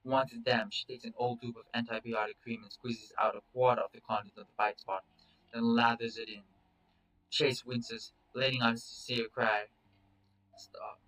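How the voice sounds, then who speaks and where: A man's voice: mid-range voice, level tone, normal speed, a bit bright, distant mic, low-quality recording. A man reading a first-person story aloud in a casual, profane, confessional way. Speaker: story reader.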